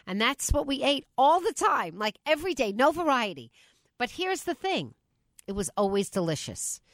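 A woman hosting a radio call-in show, telling a family story in an animated way and inviting callers in. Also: high voice, normal speed, no room sound. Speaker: radio talk show host.

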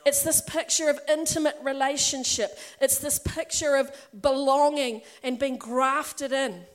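Middle-aged female preacher, high voice, warm-chatty storytelling that swells into emphatic appeals. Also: steady tone, measured pace. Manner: conversational and personal, building to emphatic passages. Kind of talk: sermon. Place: church or meeting hall with a congregation.

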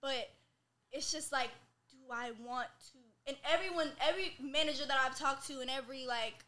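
A young woman with a high, bright voice chats casually as a podcast guest. Her talk is loose and profane, packed with filler words. She sounds relaxed and unguarded. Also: moderate pace.

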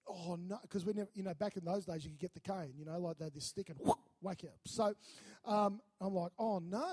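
A man preaching a sermon, telling a lively story and acting out the voices in it. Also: high voice. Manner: animated, acts out voices in his stories. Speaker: pastor.

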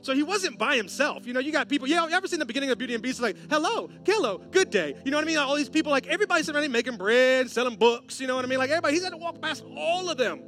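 A man preaching a sermon with a high, bright, ringing voice. He talks to the congregation like friends, with slang and asides, and keeps climbing into excited, loud stretches. Soft music plays underneath. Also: racing, hardly any pauses. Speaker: pastor.

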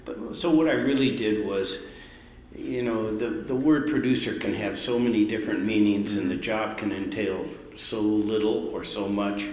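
A man's voice: lowish voice, normal speed, a little mellow, lo-fi sound. A middle-aged man from the Valley in Los Angeles, a musician telling stories casually in an interview and acting out the voices he quotes. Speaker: musician, guest. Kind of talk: storytelling interview. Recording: roomy hall, ambient noise.

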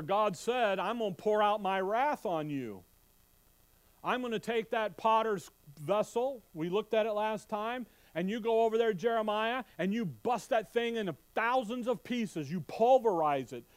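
A man preaching an expository Bible sermon, reading scripture aloud and quizzing his listeners with questions. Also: high-pitched. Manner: animated, quizzing the congregation with questions; reads scripture aloud in King James wording.

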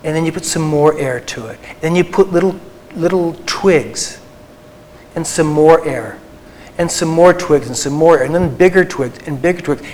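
A man with a voice pitched a bit above the usual talks to a live audience as a Christian counselor. He speaks in a folksy, earnest way and often lets his voice fall soft and confessional. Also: moderate pace, slight background noise. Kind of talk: personal talk with stories to a live audience.

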